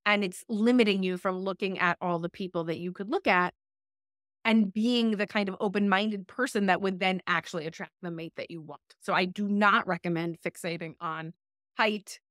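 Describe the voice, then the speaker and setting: A woman's voice: mid-range voice, steady tone, moderate pace, fairly bright tone, no room sound. Emphatic woman life coach, dry close mic. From United States. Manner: emphatic, direct advice-giving, repeats key phrases. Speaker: life coach and relationship expert guest. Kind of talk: podcast interview.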